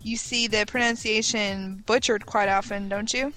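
A woman co-hosts a laid-back gaming podcast, explaining word meanings patiently and teasing her partner a little. Soft music runs faintly underneath. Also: mid-range voice, steady tone, normal speed, rough recording. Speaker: podcast co-host. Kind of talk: casual gaming podcast chat.

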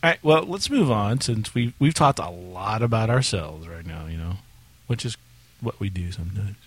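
Low-voiced male podcast co-host. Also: lively intonation, moderate pace, husky. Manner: rambling, restarts, laughs, then reads dramatically. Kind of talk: casual podcast chat, reading a listener email.

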